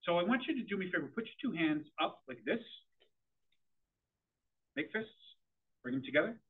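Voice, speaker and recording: A middle-aged man giving an interactive presentation to parents, animated and quizzing his audience. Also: sits high, fairly quick, husky. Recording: tinny phone-like audio.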